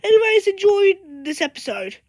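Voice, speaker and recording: A woman's voice: very high-pitched, very animated, normal speed, no room sound, rough recording. A sick woman hosting her channel, rambling through a casual video intro and restarting her sentences. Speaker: channel host.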